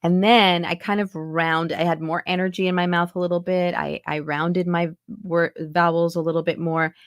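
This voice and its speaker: A fairly low-pitched woman with a level tone and normal speed guests in a casual video-call interview. She's an American accent coach from New York in her forties, lightly Texas-colored, chatty and full of "like," dropping into voices to demonstrate. Dry, studio-quality recording.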